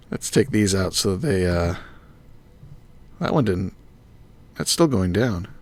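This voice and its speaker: A man's voice: sits low, animated, slow pace, pauses often. A man streaming a game live, thinking aloud and muttering item names as he works. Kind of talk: live gameplay commentary.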